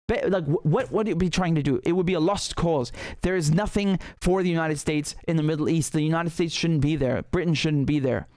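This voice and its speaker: A man's voice: fairly high pitch, brisk, few pauses, a little mellow, no echo, clean studio sound. Heated, emphatic male livestream host. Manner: heated, emphatic, with frequent restarts. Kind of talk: livestream political commentary.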